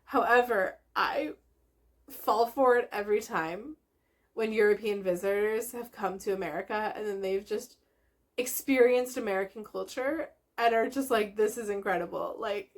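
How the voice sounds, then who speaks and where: Woman host, casual vlog chat, bubbly and giggly, slightly high voice. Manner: bubbly, gushing, laughs often. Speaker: host of a knitting video podcast.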